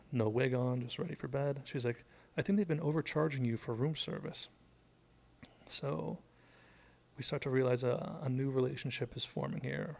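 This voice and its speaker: A man's voice: medium pitch, creaky, a little mellow. A man casually retelling a TV episode scene by scene, loosely acting out the characters' lines with many fillers. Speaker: show host.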